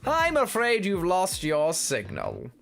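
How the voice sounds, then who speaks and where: A man voicing a theatrical old-timey male radio demon host with a mid-Atlantic accent and a drawn-out broadcaster delivery. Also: sits high, huge pitch swings, vocal fry, fairly bright tone, soft background music, voice pushed up, heavily acted.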